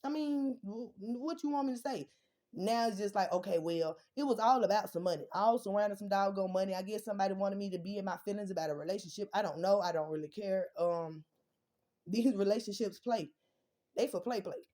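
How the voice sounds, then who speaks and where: Young woman going off fast, lots of cussing, darker mellow tone. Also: mid-range voice. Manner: profane, blunt, defiant, rising to shouts. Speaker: vlogger. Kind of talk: heated personal rant.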